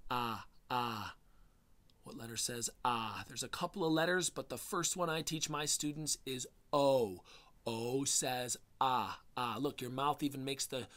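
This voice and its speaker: A man teaching a spelling lesson to young children, sounding out each letter slowly and encouragingly. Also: mid-range voice, pushed and bright. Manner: slow, exaggerated phonics sounds, encouraging.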